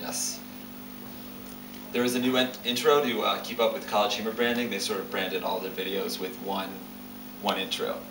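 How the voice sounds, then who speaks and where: Low-voiced man lecturing in an echoey hall. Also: flat delivery. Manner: loose and halting, many uh's. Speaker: web series creator giving a lecture. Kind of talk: casual lecture talk. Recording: roomy, distant, noisy hall audio.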